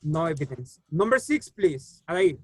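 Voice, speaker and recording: With a husky, sing-song voice pitched a little high for a man, a native English teacher leads an online lesson. He explains the answers slowly and patiently, pausing on plenty of fillers, in a close, dry recording with no echo.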